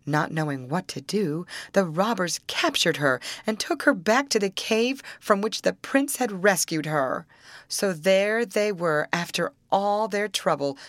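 A woman reads a fairy tale aloud in a lower register, her voice moving a lot in pitch as she tells the story. The sound is dry and close, with no room around it. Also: no echo. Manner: expressive, acting out the characters in raised voices.

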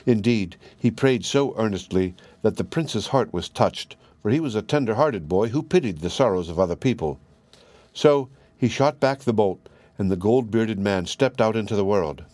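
Male storybook narrator, low voice, measured pace, dry close sound. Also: expressive, darkish tone, no room sound. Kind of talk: storybook reading.

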